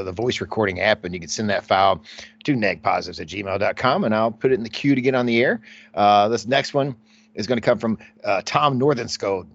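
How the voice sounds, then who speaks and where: Rambling lo-fi podcast host man. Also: lowish voice. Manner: relaxed, rambling with many fillers. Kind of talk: casual podcast chat.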